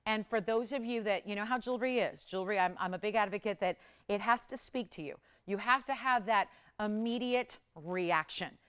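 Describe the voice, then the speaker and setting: A woman's voice: medium pitch, moderate pace, hardly any pauses, a bit bright, smooth. A woman hosting a live TV jewelry shopping show, enthusiastic and repeating words for emphasis. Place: TV studio.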